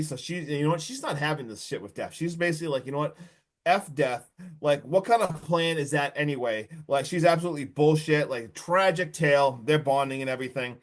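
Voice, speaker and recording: A man co-hosting a podcast, recapping a movie in an excitable, slangy way full of "dude" and "like". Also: a little high. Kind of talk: casual podcast chat.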